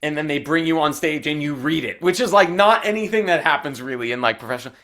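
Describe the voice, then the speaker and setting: A young adult man from Arizona, an actor telling stories as a guest, animated and chatty with lots of "like" fillers. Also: on the high side, quick pace. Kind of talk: casual storytelling in interview.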